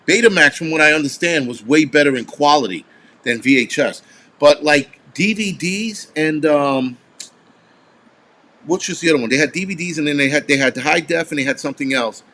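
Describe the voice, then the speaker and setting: Man, forties, live stream host, casual, profane, rambling, fairly high voice. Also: normal speed, pushed and bright. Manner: answers viewer comments offhand.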